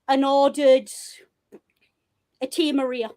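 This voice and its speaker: A woman with a Yorkshire accent, co-hosting a casual podcast chat, lively and blunt, laughing often and swearing freely. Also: sits high, slow pace, no room sound. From Northern England. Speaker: podcast co-host.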